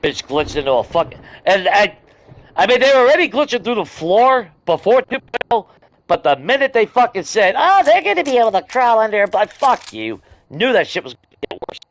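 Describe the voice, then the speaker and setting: Brief: young adult male gamer, furious swearing rant, lively swinging pitch, slightly high voice. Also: moderate pace. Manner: angry ranting, heavy swearing. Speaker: gaming streamer. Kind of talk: live gameplay stream commentary.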